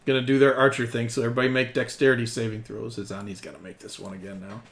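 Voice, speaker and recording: A man's voice: mid-range voice, level tone, very fast, very noisy. A man narrating as game master of a tabletop game, casual and laughing often, thinking aloud as he counts up rolls.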